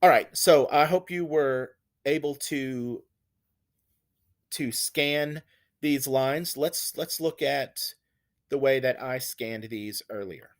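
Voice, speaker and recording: A man lecturing on poetry in an unhurried, deliberate way, taking his time over each point. His voice sits in a middle register, and he sounds patient and reassuring as he counts out the stresses of a line. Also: medium pitch. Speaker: literature teacher. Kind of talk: recorded lecture.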